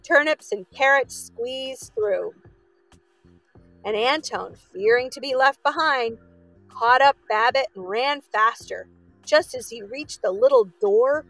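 A woman reading a children's story aloud in an expressive way, with asides to her listeners. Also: fairly high pitch, no echo, poor audio.

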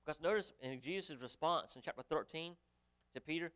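A man's voice: on the high side, fairly quick, a bit bright, clean tone. A male pastor preaching a sermon, reading scripture aloud and putting rhetorical questions to his congregation. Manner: reads scripture aloud in old-fashioned wording.

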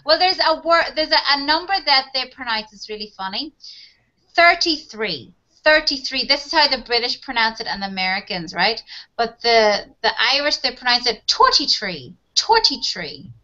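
A woman's voice: a little high, a little fast, bright, forceful tone, muffled recording. A woman teaching an online English conversation lesson, patient and reassuring with her student.

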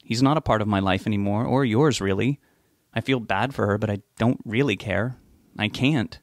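A man's voice: on the low side, moderate pace, no room sound, lightly acted. A man voicing a numb, detached young man. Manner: flat, dry, detached.

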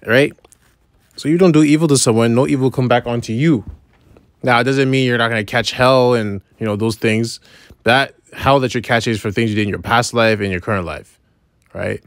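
A man giving an informal scripture lesson, reading verses slowly and then explaining them in casual talk, checking in with "right?" after nearly every point. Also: medium pitch, creaky, no echo, clean studio sound. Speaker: bible teacher.

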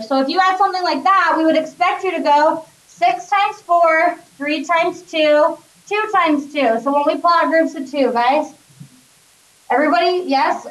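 This upbeat woman gives a math lecture, pausing often to check in with her students. She has a high-pitched, slightly bright voice, picked up at a distance in an echoey classroom.

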